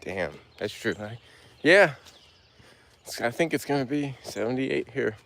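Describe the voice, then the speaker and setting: A man's voice: medium pitch, animated, measured pace, gravelly, a bit bright. A man hosting a casual livestream while walking a hilly woodland trail, rambling loosely with lots of filler words and slurring some words. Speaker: livestream host.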